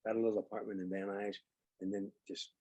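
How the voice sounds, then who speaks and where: An older man, a comedian guest, telling lively anecdotes in an interview and acting out the dialogue. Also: on the low side, fast talker, lo-fi sound, slight background noise. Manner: animated anecdotes, acts out quoted dialogue. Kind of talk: storytelling interview.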